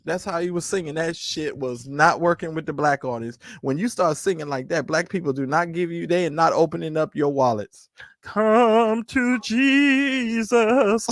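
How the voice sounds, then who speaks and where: A man's voice: on the high side, brisk, few pauses, fairly bright tone, dry recording, studio quality. A man, a guest on a casual talk show, telling stories with mocking impressions and laughter. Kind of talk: casual chat.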